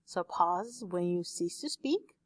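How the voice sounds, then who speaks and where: A woman speech teacher recording a lecture for her class on a desktop microphone, explaining terms slowly with examples. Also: lowish voice, lively intonation, no room sound. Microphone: desktop USB microphone.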